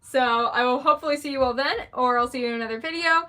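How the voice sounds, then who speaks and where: A woman's voice: high-pitched, fast, bright, forceful tone. A young woman, an author, chatting casually on a livestream, giggling often and rambling in a self-deprecating way.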